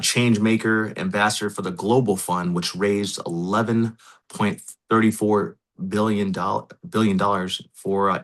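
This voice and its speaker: A man's voice: lowish voice, gravelly, a bit bright. A man hosting a podcast, talking loosely and chattily with many fillers. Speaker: podcast host. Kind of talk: casual interview.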